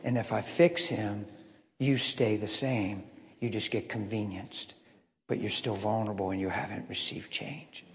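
God, a calm male spirit, speaks in a low hushed voice with slow, measured phrasing, as a preacher puts him on. A long reverb trails each line. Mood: gentle.

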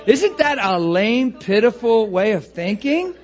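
A man preaching a lively sermon, laughing often and acting out little voices to make his points. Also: sits high, a little slow, a faint crowd.

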